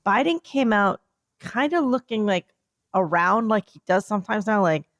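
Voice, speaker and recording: A woman co-hosting a podcast, chatting casually and telling a rambling, animated story. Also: medium pitch, moderate pace, no room sound. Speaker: podcast co-host. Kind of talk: casual chat.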